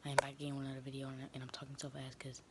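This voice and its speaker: A man's voice: mid-range voice, monotone, racing. A man whispering casually to his viewers while eating, leaning close to the camera mic. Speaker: vlogger. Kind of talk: whispered mukbang chat. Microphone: camera mic, no separate microphone. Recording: noisy camera audio with hiss. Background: dogs nearby.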